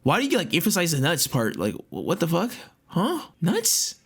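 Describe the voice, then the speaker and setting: A man's voice: a little high, huge pitch swings, fast talker, fairly bright tone, slightly rough. Incredulous, foul-mouthed young man ranting. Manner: incredulous, profane, mocking rants. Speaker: commentary YouTuber. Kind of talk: casual reaction commentary.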